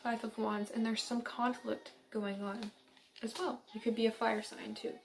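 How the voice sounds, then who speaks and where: A woman's voice: a little high, level tone, moderate pace, vocal fry, slight background noise. Chatty young woman reading tarot cards. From central Illinois. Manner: chatty, giggly, upbeat. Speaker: tarot reader.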